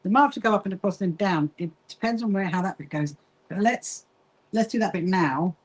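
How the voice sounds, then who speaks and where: A woman's voice: mid-range voice, fairly quick, rough recording. A middle-aged woman hosting a casual sewing livestream, chatting, greeting viewers by name and getting easily distracted. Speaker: livestream host, quilting association founder.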